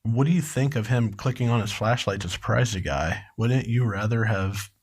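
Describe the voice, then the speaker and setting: Husky-voiced man on a true crime podcast. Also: on the low side, normal speed. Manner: steady reading, then pointed questions to co-host. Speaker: podcast co-host.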